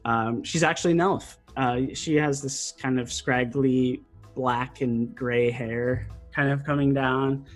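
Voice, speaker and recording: A man's voice: medium pitch, steady tone, takes it slowly, faint music behind. Rambling man running a tabletop game. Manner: rambling, full of fillers and likes. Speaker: game master.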